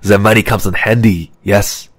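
A man's voice: fairly low pitch, fairly even intonation, moderate pace, husky, dry recording. A man voicing a fussy, gossipy middle-aged male French professor in an audiobook, precise and slightly sarcastic. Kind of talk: audiobook character reading.

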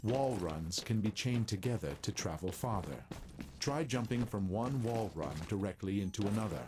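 A composed computer voice runs a training simulator, as a man puts it on, giving formal step-by-step instructions in a lowish register. The game audio carries a clear layer of noise underneath. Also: animated, moderate pace, close to an everyday voice. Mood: instructing. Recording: noisy game audio capture.

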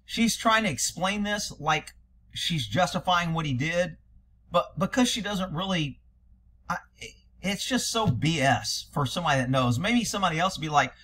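A man's voice: sits high, bright, forceful tone. Blunt, sarcastic male cop commentator. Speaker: commentator on police videos, speaking as a cop. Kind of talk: reaction commentary.

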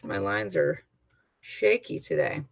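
A woman's voice: rumbling low, huge pitch swings, slow, creaky, no echo. A woman teacher giving an online lesson, chatty and explaining with examples and asides.

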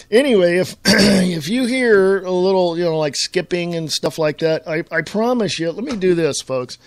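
A man with a slightly high voice hosts his own talk radio show. He rambles casually with lots of asides and keeps clearing his throat. The sound is dry and close to the mic. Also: expressive, measured pace, dry recording.

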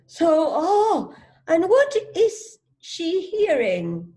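A woman leads a phonics read-along for a young child, sounding out each letter with patience. She speaks very slowly and deliberately and keeps her pitch in an everyday middle range. Her tone stays gently encouraging as she prompts the child. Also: lively intonation, creaky. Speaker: reading teacher.

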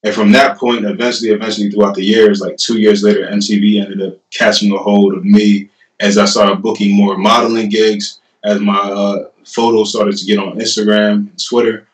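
A man's voice: on the low side, moderate pace. A young man in his twenties, a guest casually telling a story and often acting out what he said and what others said. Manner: animated, laughing retelling with lots of "I'm like". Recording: roomy and a bit distant from the mic.

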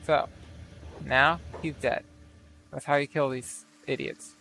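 A man's voice: a little high, fairly even intonation, slow pace, gravelly, sharp tone, a little hiss or hum. A man giving casual, profane, incredulous let's play commentary over his game. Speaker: gaming video creator.

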